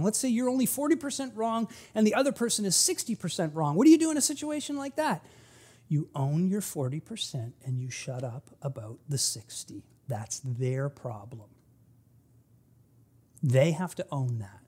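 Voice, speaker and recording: A man preaching a sermon as pastor, speaking conversationally and swinging between quiet asides and loud, emphatic peaks. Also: high voice, lively intonation, moderate pace, slightly rough.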